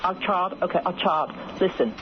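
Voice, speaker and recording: A woman working at a store, answering a phone call patiently and repeating numbers slowly. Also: fairly low pitch, noisy background. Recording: dull lo-fi call recording.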